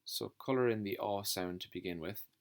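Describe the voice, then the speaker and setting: A man teaching a phonics lesson to young children, slowly sounding out letters and words. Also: on the low side. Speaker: primary school teacher.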